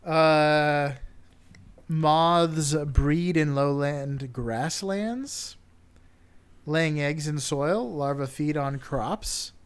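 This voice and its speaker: A man hosting a podcast, joking his way through a list of facts with frequent laughs and stumbles. His voice sits a little higher than most men's. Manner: jokey, laughs often, reads facts haltingly. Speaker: podcast co-host. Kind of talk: casual comedic chat.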